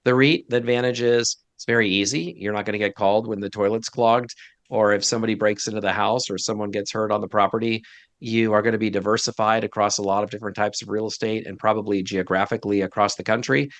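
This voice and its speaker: A man's voice: lowish voice, fairly even intonation, quick pace, fairly bright tone, dry recording. A man speaking as a guest financial advisor in a casual interview, direct and emphatic with blunt opinions.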